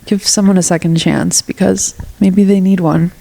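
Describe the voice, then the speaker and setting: A young woman with a slightly low voice and a stuffy nose, hosting her own podcast in a loose, candid monologue. She swears casually and jumps into little acted-out lines of what she'd say to people. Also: fairly even intonation, moderate pace, creaky, warm tone. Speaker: podcast host.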